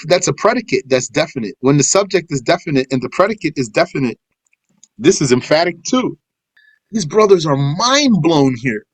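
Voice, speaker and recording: A man giving a tafsir lesson, reciting verses and explaining them in English, with animated pitch leaps on points of emphasis. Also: normal speed, no room sound. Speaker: Quran teacher.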